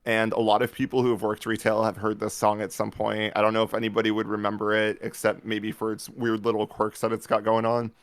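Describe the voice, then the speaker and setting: A man with a fairly low, clean voice co-hosts a laid-back podcast. He rambles along in an animated way and breaks into laughs. The sound is close and dry. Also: brisk, few pauses, clean tone, no echo. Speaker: podcast co-host. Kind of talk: casual chat.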